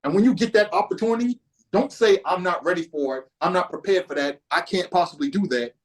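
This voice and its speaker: A man's voice: high-pitched, fairly quick, poor audio. A man from Boston, a guest on a podcast, telling a laid-back, profane story in casual conversation. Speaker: podcast guest, music historian.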